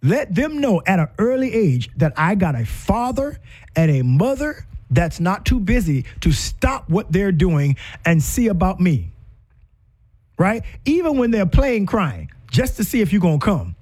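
A man's voice: high-pitched, very animated, a little slow, a little mellow, slightly rough. A middle-aged man hosting a talk show, speaking with fervent, preachy passion and firing off rhetorical questions. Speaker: host. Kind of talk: impassioned commentary.

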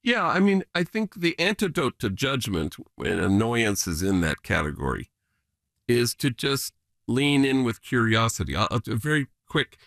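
A priest appears as an interview guest, reflectively telling earnest stories and imitating other people's voices. His medium-pitched voice is very animated and fairly bright, at a moderate pace, recorded studio quality with no echo.

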